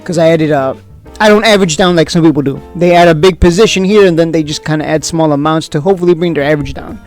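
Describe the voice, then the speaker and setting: A man hosting a stock trading video, talking casually and excitably, whooping and throwing out rhetorical questions. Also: fairly high pitch, quick pace, soft background music. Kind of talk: casual market commentary.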